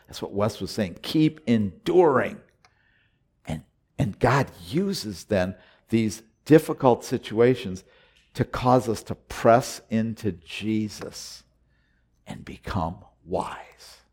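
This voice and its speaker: A man preaching a sermon, earnest and repetitive, moving between quiet reflective lines and loud urgent exhortations. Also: on the low side, lively intonation, slow pace.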